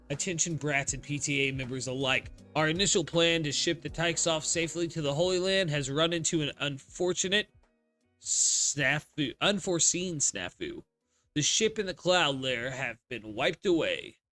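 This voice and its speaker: A man's voice: fairly high pitch, a little slow, bright, forceful tone, dry recording, soft background music. A man voicing a gloating, cruel male villain who makes smug, mock-formal announcements while reading a comic aloud.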